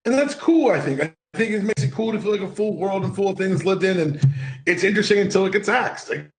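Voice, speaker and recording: A man's voice: high voice, expressive, fast talker, slight background noise. A man co-hosting a casual podcast, chatting in a laid-back way. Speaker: podcast co-host. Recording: roomy echo.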